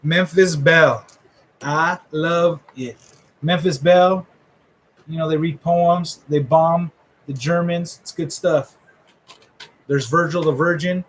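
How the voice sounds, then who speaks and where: A middle-aged man hosts a live fantasy football draft order reveal as casual live commentary, rambling, joking and trash-talking with friends. His voice is a little high with fairly even intonation, and he speaks slowly with frequent pauses. The recording is low quality.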